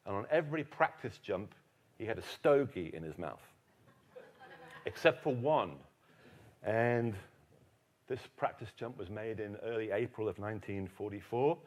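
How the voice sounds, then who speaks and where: English man telling war stories. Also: medium pitch. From England. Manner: lively storyteller, dry self-mocking humor. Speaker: keynote speaker and historian. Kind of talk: lecture to a live audience. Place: conference hall.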